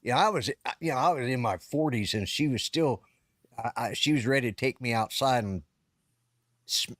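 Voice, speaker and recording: A middle-aged or older podcast co-host speaks with an animated, fairly bright mid-range voice at normal speed, recorded dry and clean as in a studio, through a live-stream call setup. He tells a long, rambling story casually, interrupting himself and starting over as he goes.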